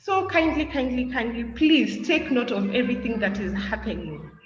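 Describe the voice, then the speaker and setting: A woman's voice: fairly high pitch, big pitch swings, moderate pace, faint music behind. A teenage girl giving an impassioned student speech, asking her listeners one question after another. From Kenya. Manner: rhetorical, questioning, earnest. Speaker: student speaker. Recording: echoey hall, distant, muffled, faint noise.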